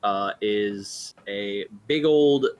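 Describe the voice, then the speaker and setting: A man's voice: lowish voice, extremely slow, slight background noise. A man narrating as game master of a tabletop game, loose and full of fillers.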